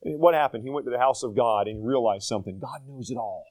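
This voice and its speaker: A man's voice: medium pitch, quick pace, darkish tone, dry recording. Older man, pastor, folksy sermon, rhetorical questions, dry close sound. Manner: folksy, self-deprecating preaching with rhetorical questions.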